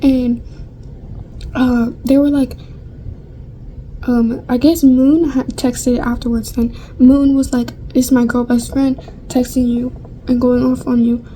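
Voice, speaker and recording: A woman's voice: high-pitched, little pitch movement, takes it slowly, long pauses, dark tone, a little hiss or hum, low-quality recording. A young woman vlogger chatting casually through a storytime while getting ready, rambling with lots of fillers and casual swearing.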